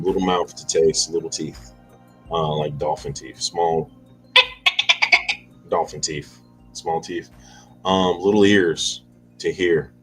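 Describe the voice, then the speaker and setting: A man hosting a casual livestream chat, rambling and halting, with many fillers and restarts. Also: deep voice, rough recording. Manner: chuckles often between lines. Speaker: livestream host.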